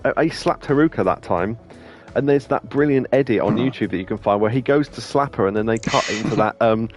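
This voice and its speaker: A man's voice: medium pitch, brisk, soft background music. A man chatting casually over gameplay, rambling through stories with many restarts and laughs. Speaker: let's play host.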